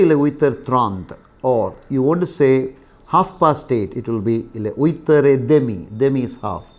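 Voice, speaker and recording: Older indian guy teaching french, slow and patient, lots of uh's. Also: medium pitch, darkish tone. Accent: Indian English. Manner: patient, explains slowly with many pauses and fillers. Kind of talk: classroom lecture.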